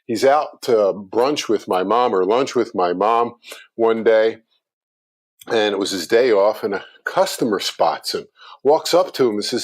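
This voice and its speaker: Middle-aged man telling a lively anecdote. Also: fairly low pitch, unhurried. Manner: animated anecdotal storyteller. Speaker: guest speaker on customer experience. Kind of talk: storytelling in a conversation.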